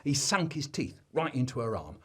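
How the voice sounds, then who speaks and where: A man telling a comic family story, swinging between deadpan asides and loud bursts. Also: medium pitch, normal speed, husky.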